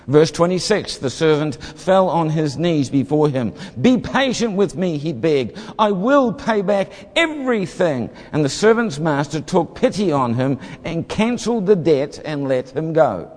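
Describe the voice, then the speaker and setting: A man's voice: on the high side, expressive, measured pace, hardly any pauses, darkish tone. A man preaching a sermon, reading scripture and explaining it, briefly acting out voices from the story. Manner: expository, acts out the parable's voices. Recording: hall reverb.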